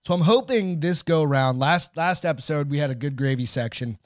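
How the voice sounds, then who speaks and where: A man's voice: a little high, fairly quick, no room sound, studio quality. A man co-hosting a live talk stream, laid-back and jokey, swearing often. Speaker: podcast co-host. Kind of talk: casual live-stream chat.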